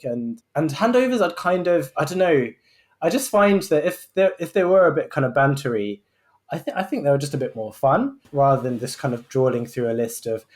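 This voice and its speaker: A man's voice: mid-range voice, animated, fairly quick. A man hosting a casual medical podcast, chatting and bantering with many fillers. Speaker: podcast host. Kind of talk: casual chat.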